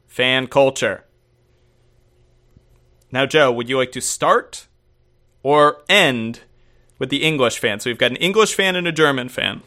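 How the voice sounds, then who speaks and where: A man's voice: medium pitch, lively intonation, a little slow, long pauses, pushed and bright. Male podcast co-host, wry, reads fan mail with laughs. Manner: wry, laughs while reading aloud. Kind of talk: casual podcast chat, reading listener submissions.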